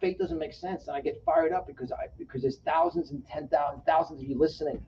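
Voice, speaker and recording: A man talks at a rapid clip as a fired-up motivational guest, preaching his points and lurching between loud bursts and hushed asides. He sounds set back from the mic, with a dull, muffled tone and faint ambience behind him. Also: fairly high pitch, very animated, gravelly, recorded from a distance, slight background noise. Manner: emphatic and preachy, with sudden swings between loud and soft. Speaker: guest, motivational speaker and author. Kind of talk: fired-up motivational interview talk.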